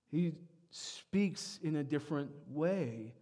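A male pastor with a medium-pitched voice preaches at an unhurried pace. His sermon moves from quiet reflection up to loud, emphatic peaks.

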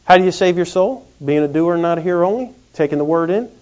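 A man preaching a sermon in a folksy, animated way. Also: on the high side. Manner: folksy, animated, acts out quick comic voices. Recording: dull lo-fi recording.

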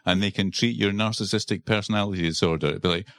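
Deep-voiced Scottish man chatting. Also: fast talker, fairly bright tone. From Scotland. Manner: chatty, self-deprecating, wry. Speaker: podcast co-host. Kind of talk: casual chat. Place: Edinburgh.

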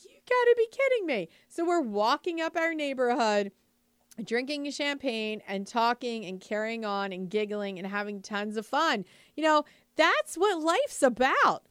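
A woman's voice: high voice, a bit bright, no echo, studio quality. A woman giving a casual, upbeat motivational talk to moms, chatty and full of "like" and "you know", often asking the listener rhetorical questions. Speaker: lifestyle speaker addressing moms.

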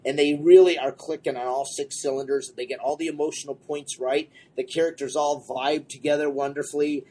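A man co-hosting a casual comics podcast, rambling and excitable, running a comic shop and apologizing for talking too much. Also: fairly high pitch, brisk, a little hiss or hum. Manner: rambling, excitable, self-deprecating.

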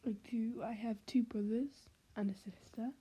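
A woman's voice: on the high side, steady tone, normal speed, warm tone, husky. A young woman cohosting a casual podcast over a video call, dry and sarcastic.

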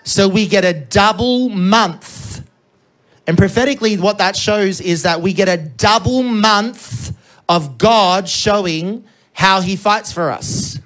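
An energetic preacher delivering a sermon who keeps checking in with the congregation. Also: medium pitch, slow pace. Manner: energetic, checks in with frequent "okay?".

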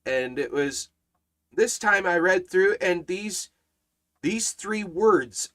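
A man with a high voice preaches through a Bible study. He hammers phrases by repeating them, swelling loud and dropping low. His delivery is earnest and emphatic. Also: animated, unhurried. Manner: emphatic, repeats phrases with rising and falling force. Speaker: Bible teacher.

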